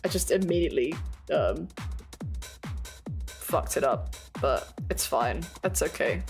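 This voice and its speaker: British woman streamer, chatty and giggly, lively pitch, music quietly behind. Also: a little slow. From Britain. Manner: chatty, giggly, self-mocking. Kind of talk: casual chat stream. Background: faint music playing.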